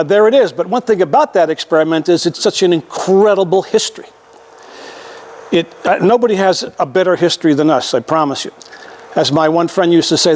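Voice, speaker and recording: A man's voice: sits high, darkish tone. An older man giving a folksy, conversational public history lecture to an audience, with many restarts and repetitions.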